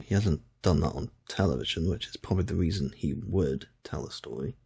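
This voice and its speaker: Man co-host, deep husky voice, short casual comments, dry sound. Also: a little fast, darkish tone, no echo. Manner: brief, casual remarks. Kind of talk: commentary on a clip.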